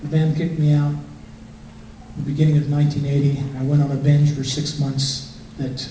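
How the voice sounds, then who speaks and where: A man's voice: on the high side, flat delivery, normal speed, mellow. A middle-aged man gives a conversational personal testimony to a congregation, telling his story in plain talk. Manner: conversational storytelling, acting out quotes. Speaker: guest speaker. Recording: echoey hall from far off, faint noise.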